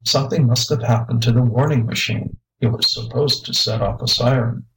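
Brisk, commanding chief engineer of a mine, as a male audiobook narrator reads him, steady and matter-of-fact. He gives short orders in an even, plain voice, neither high nor low. A storybook figure who keeps calm. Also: natural voice, poor audio.

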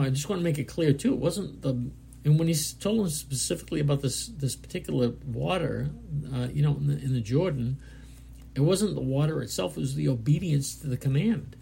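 Man, preacher, gravelly voice, warm and mellow tone, slightly high pitch, casual scripture reading and commentary. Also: slight background noise. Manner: casual, halting explanation with fillers between readings. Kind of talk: Bible study sermon, reading scripture and commenting.

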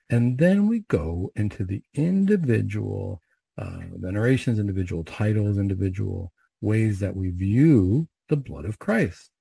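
A man's voice: on the low side, sing-song, moderate pace, vocal fry, warm tone, husky, no echo. A man leading recited prayers and then giving a conversational, reflective homily.

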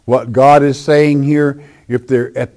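A man teaching from the Bible in sermon style, emphatic and repeating his points, often dropping soft at the ends of lines. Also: medium pitch, flat delivery, slow pace. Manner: emphatic, repeats phrases, drops softly at line ends.

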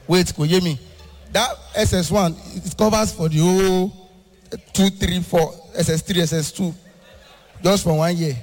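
High-voiced Nigerian comedian shouting on stage. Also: male voice, normal speed, in a large hall, soft background music. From Ibadan, Nigeria. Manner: animated, switches between shouting and sing-song delivery. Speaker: stand-up comedian. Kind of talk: stand-up comedy.

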